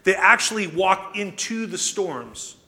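Male pastor, higher voice, conversational sermon, asks rhetorical questions. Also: animated, measured pace, pushed and bright.

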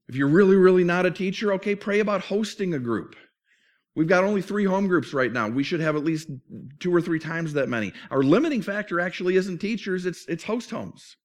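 A man preaching a sermon as pastor, earnest and conversational, often restarting phrases. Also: a little high.

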